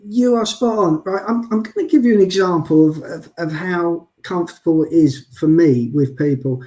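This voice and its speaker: A man telling stories as an interview guest, chatty and deadpan, often adding "I'll be honest with you.". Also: a little high, normal speed. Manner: self-described sarcastic and deadpan, frequent "I'll be honest with you"; chatty storyteller with many restarts. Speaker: guest, wheelchair athlete. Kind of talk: casual interview chat.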